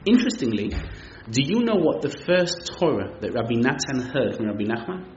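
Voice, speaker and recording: A man's voice: medium pitch, very animated, brisk, a little hiss or hum. A man teaching as a rabbi, giving an emphatic sermon with storytelling and many Yiddish and Hebrew terms. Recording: echoey, slightly muffled room recording.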